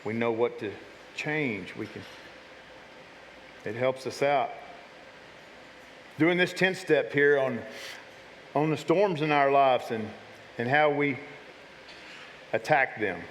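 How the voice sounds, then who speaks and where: A man serving as pastor preaches a casual sermon to his church, slowly and with frequent pauses, often restarting and repeating words. His mid-range voice has a fairly bright tone; the sanctuary recording carries long hall reverb and a little hiss or hum.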